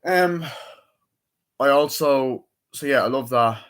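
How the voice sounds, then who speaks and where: A man's voice: medium pitch, takes it slowly, a bit bright. A young man chatting casually through a movie review, rambling and swearing freely as he retells favorite scenes.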